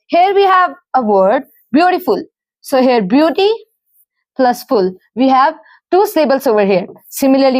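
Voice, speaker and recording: A woman's voice: high voice, a little mellow, no room sound. A woman with an Indian English accent, teaching grammar rules and patiently spelling out word forms.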